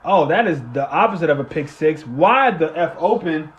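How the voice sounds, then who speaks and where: A man giving live play-by-play and reaction to a football game, excitable, swinging from muttering to shouting and cussing, talking while eating. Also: on the high side, normal speed, echoey room, lo-fi sound.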